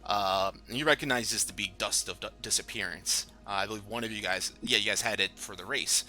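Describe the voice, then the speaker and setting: A man narrating a tabletop game as game master, halting with lots of fillers. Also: on the low side, bright, forceful tone.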